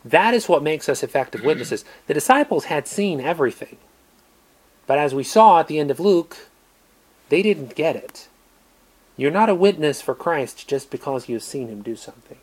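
An American man preaching a sermon, earnest, moving between emphatic lines and quiet ones. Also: medium pitch, lively intonation, moderate pace, breathy edge. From United States.

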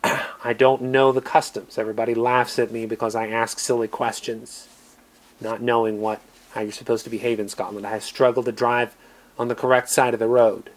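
An American man preaching a sermon, earnest, moving between emphatic lines and quiet ones. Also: medium pitch, level tone, normal speed. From United States.

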